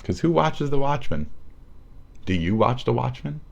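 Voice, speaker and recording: A man's voice: mid-range voice, sing-song, moderate pace, gravelly, darkish tone, highs cut off. A young man livestreaming, ranting in a rambling, sneering way full of profanity. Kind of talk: livestream rant.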